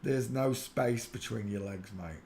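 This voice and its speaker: Excitable man mocking photos live. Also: a little slow, gravelly. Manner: excitable, breaks into loud high laughter; mocking, talks to viewers by name. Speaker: livestream host. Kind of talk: casual running commentary on pictures.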